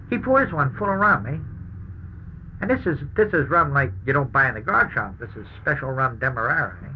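A man's voice: mid-range voice, expressive, fairly quick, dull audio, slight background noise. An older man, a war veteran, telling his wartime story in an oral history recording, acting out the dialogue and chuckling as he goes. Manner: anecdotal, acts out dialogue, chuckles.

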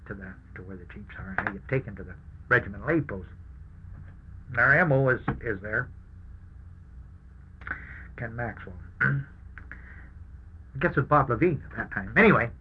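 An older war veteran recounts his wartime experiences for an oral history recording, his voice lowish and husky on lo-fi audio. He tells it as anecdotes, acting out the dialogue and chuckling throughout.

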